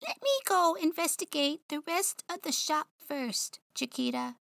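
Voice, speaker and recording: A woman voicing a small, brave male dog who is protective and bossy, in a high, squeaky voice. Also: animated, unhurried, gravelly, fairly bright tone, dry recording, studio quality, exaggerated voice. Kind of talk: audiobook narration.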